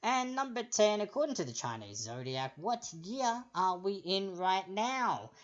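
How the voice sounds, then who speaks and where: A man's voice: high-pitched, muffled recording. A man hosting a trivia quiz on a livestream. He reads out each question, then wanders into chatty, jokey asides. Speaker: trivia host.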